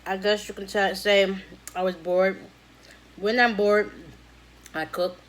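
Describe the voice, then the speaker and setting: A woman chatting casually while eating fried chicken for a vlog, slangy and relaxed, humming with pleasure between bites. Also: medium pitch, slow pace. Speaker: mukbang vlogger.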